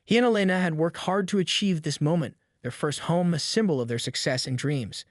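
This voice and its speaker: A man's voice: a little high, a little fast, dry recording, clean studio sound. A man reading a dramatic story as a narrator in a scripted way.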